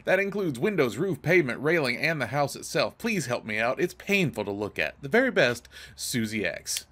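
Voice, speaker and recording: A man's voice: medium pitch, very animated, moderate pace, a bit bright. A man reading aloud as a newly divorced woman client, in a dramatic letter-reading manner.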